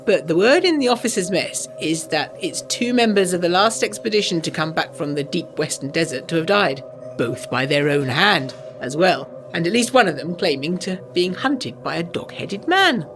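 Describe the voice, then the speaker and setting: A woman doing a smug young RAF officer who chats in a casual, dismissive way and loves to tease. His pitch swings up and down a lot. He is a figure in an audio drama. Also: lively intonation, normal speed, music in the background. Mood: teasing. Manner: offhand, dismissive, teasing.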